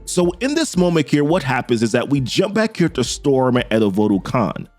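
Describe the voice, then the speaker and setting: A man's voice: mid-range voice, normal speed, no room sound, soft background music. A man giving a chatty, casual recap of a comic book issue. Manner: chatty, animated.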